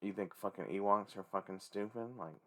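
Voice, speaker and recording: A man hosting a casual toy-collecting vlog, rambling and swearing freely with excitable energy. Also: sits low, fairly quick. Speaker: toy collector and channel host.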